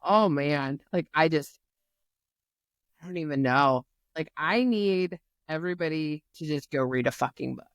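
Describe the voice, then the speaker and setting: Woman podcast co-host, lower voice, animated profane recap, dry room sound. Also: a little slow, no room sound. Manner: animated retelling, swears freely. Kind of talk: casual book-club chat.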